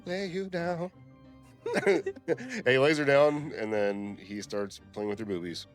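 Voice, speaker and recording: A man's voice: fairly low pitch, big pitch swings, a little slow, soft background music. A man co-hosting a casual movie recap, laid-back and crude, swearing freely. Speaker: podcast co-host.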